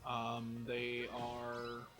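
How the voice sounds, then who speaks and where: A man co-hosting a let's play, telling a story in a halting way with many fillers and restarts. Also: medium pitch, completely flat delivery, over music, low-quality recording. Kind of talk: casual gaming chat.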